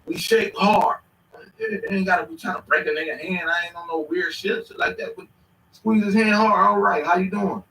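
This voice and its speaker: A man in his thirties telling stories in casual chat, animated and swearing freely. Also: sits high, moderate pace, distant mic, slight background noise. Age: 30s. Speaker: podcast host. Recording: echoey room, away from the mic.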